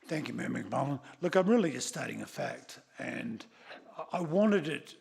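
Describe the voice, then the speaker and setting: A man's voice: medium pitch, animated, moderate pace, creaky, a little mellow. A middle-aged Australian man, a city councillor, pressing his point in a council meeting debate, insistent, often ending with "okay?" and "right?".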